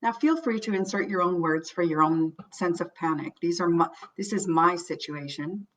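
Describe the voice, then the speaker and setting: A middle-aged woman coaching a guided tapping sequence names the tapping points low and soft, then voices the panic phrases higher and louder. She speaks at a normal speed, far from the mic.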